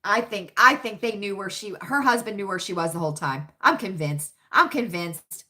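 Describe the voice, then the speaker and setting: A woman's voice: medium pitch, expressive, a little fast, sharp tone. An American woman hosting a casual livestream chat, talking dramatically to her viewers and calling them friends. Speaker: livestream host.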